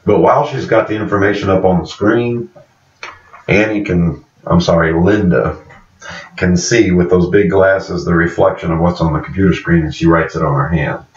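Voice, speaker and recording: Deep-voiced man recapping in an echoey room. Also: fairly even intonation, normal speed. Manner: rambling, corrects himself on character names. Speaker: show reviewer. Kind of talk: casual episode recap. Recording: echoey, dull-sounding room from a distance.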